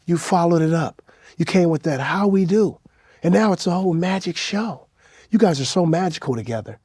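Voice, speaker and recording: Relaxed man, conversational anecdote, dry close recording. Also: on the high side, normal speed, slightly rough, no echo. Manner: nonchalant, conversational. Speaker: interviewee. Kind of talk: casual anecdote.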